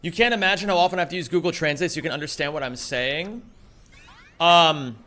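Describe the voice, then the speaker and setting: A man's voice: a little high, quick pace, pushed and bright. A man streaming live, chatting casually with his viewers, greeting them by name and swearing freely as he plays.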